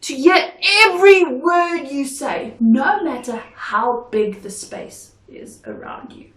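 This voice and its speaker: Woman drama teacher talking real slow, highish voice, kinda far from the mic. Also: very animated, reverberant. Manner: slow, deliberate and instructive. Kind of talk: instructional lesson.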